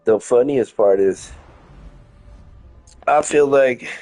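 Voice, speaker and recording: A man's voice: medium pitch, takes it slowly, warm tone. A man streaming a game, rambling casually with heavy profanity and meandering, laid-back musings.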